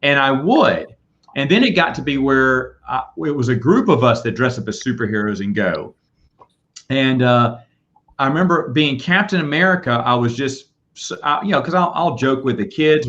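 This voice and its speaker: A man hosting a casual chat, telling rambling, animated stories. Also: medium pitch, normal speed. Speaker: podcast host. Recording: dull lo-fi audio.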